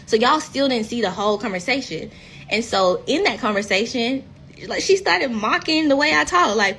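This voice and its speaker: A woman talking straight into her phone on a livestream, her voice sitting fairly high. She tells it blunt and unfiltered, cursing casually as she goes, with a faint hiss under the audio. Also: lively intonation, normal speed, a bit bright. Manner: candid, blunt, profane storytelling. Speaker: reality TV cast member.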